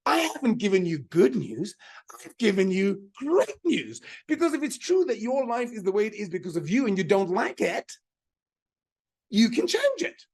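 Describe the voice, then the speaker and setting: His voice sits high with big pitch swings and a darkish tone, moving at normal speed. He's a mind power teacher hosting a live online motivational seminar, talking with energy, repeating key lines for emphasis, and asking the audience again and again to answer in the chat.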